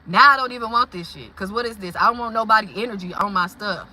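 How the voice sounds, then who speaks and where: Bright-voiced, blunt woman venting. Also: medium pitch, quick pace, a little hiss or hum, low-quality recording. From Milwaukee, Wisconsin. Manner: animated, blunt, confrontational. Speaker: vlogger. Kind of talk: venting monologue.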